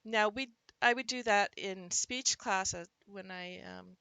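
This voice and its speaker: A woman with a bright, clear voice walks teachers through a literacy lesson. She punches out syllables to show stress and calls the example words out loud. The sound is close and dry, with no room echo. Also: mid-range voice, measured pace. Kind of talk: instructional talk to teachers.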